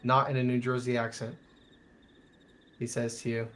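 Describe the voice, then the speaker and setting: A man's voice: medium pitch, flat delivery, moderate pace, a bit bright. Rambling male game master. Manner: loose, rambling narration with frequent fillers. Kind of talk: narrating a tabletop game.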